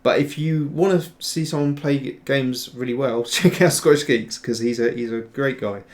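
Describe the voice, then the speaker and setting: A man's voice: medium pitch, steady tone, moderate pace. A man hosting a casual livestream tutorial, rambling and chatty as he answers viewer chat while he works. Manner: rambling, chatty, trails off and restarts. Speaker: host, 3D sculptor.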